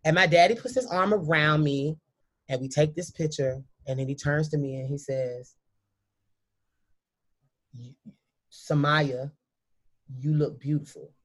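A woman telling a heartfelt personal story as a guest, emphatic and sometimes halting, often speaking straight to the listeners. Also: low voice.

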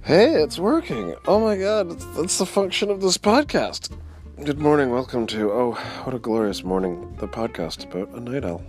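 A man's voice: medium pitch, expressive, normal speed, a little mellow, soft background music. A young man hosting a casual morning podcast, rambling and wry, swearing freely. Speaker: podcast host.

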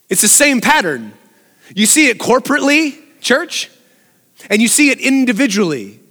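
High-voiced pastor in a reverberant hall. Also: male voice, big pitch swings, moderate pace, sharp tone. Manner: conversational, asks the room questions, laughs often. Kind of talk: sermon. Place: church sanctuary. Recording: long reverb of a large hall.

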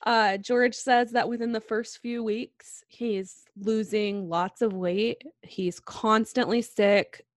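A woman's voice: fairly high pitch, fairly even intonation, slow, hardly any pauses, no room sound, clean studio sound. A woman co-hosting a podcast, telling a true-crime ghost story in a laid-back, casual way with lots of fillers and the odd swear word.

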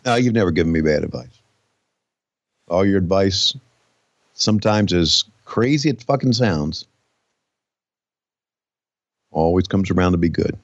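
A man's voice: low voice, expressive, measured pace, long pauses, no room sound, lo-fi sound. An older man, a wrestling commentator, bantering on a podcast and rapping a crude parody over a beat. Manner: rough, crude, laid-back delivery. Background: music beat.

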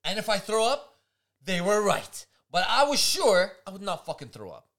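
A young woman co-hosting a podcast, telling a story in casual chat, animated and full of swearing as she acts out quotes. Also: medium pitch, normal speed. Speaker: podcast co-host.

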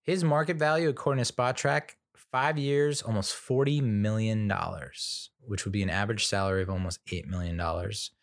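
A man with a fairly low voice talks through his team's roster in a loose, rambling monologue. He restarts sentences and says what he thinks without much polish. The sound is dry and close. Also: normal speed, gravelly, hardly any pauses, dry recording. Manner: rambling, opinionated, many fillers and restarts. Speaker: sports fan commentator. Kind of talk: casual commentary monologue.

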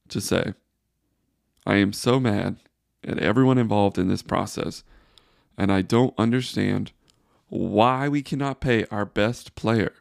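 A man's voice: lowish voice, vocal fry, darkish tone, dry recording, studio quality. A man hosting a solo sports podcast, ranting in exasperated frustration. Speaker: podcast host.

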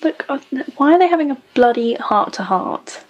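A woman's voice: high-pitched, expressive, moderate pace, lo-fi sound. A woman giving casual reaction commentary on a show, blunt and sarcastic, swearing freely. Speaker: show reviewer.

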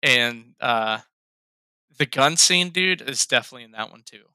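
A man's voice: medium pitch, lively intonation, normal speed, pushed and bright, clear, resonant tone, dry recording, clean studio sound. A man in casual chat about a film, laughing a lot, swearing freely and acting out lines he liked. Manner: laughing, profane, quotes lines in raised voices. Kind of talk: casual movie review chat.

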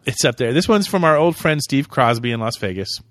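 A man's voice: mid-range voice, lively intonation, fairly quick, fairly bright tone, no echo, clean studio sound. A man hosting a podcast, introducing the listener mail segment in a playful, joking way. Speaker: podcast host.

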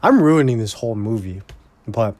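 A man's voice: lowish voice, expressive, moderate pace, darkish tone, no echo. A man recapping a movie in a casual, rambling way, blunt and full of swearing. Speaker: movie reviewer.

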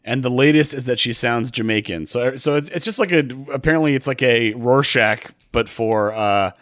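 A man co-hosting a casual chat podcast, talking in a halting way with many fillers and restarts. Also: medium pitch, a bit bright, no echo, studio quality. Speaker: podcast co-host.

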